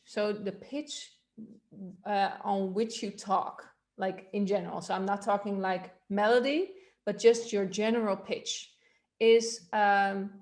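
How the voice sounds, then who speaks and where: Female voice coach, mid pitch, casual explanatory delivery with ums and uhs. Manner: relaxed, explanatory, with fillers. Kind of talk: teaching a voice workshop.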